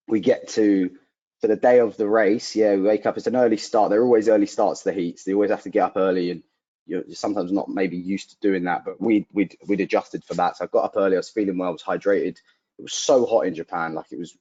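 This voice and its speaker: A man's voice: sits low, warm tone. A young man, a guest athlete telling a personal story in an interview, acting out the dialogue he quotes and often saying "like". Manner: vivid retelling, acting out quoted dialogue, frequent "like" fillers. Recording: dull lo-fi audio.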